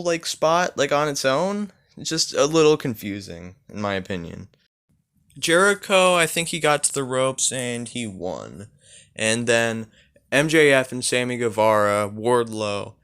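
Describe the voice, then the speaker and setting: A man's voice: medium pitch, a bit bright, smooth. A man giving a casual, profane wrestling show review in a vlog, often slipping into rants.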